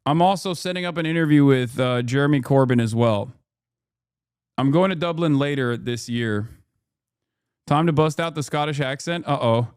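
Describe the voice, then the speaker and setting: A male streamer giving blunt, exasperated reaction commentary, swearing now and then. His voice is high for a man and smooth, and the sound is dry and close. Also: moderate pace, darkish tone, dry recording. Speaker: streamer host.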